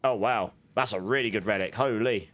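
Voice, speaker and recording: A man's voice: on the low side, brisk, a bit bright. A man giving casual, chatty gameplay commentary as a streamer, laughing often and humming little filler tunes. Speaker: game streamer.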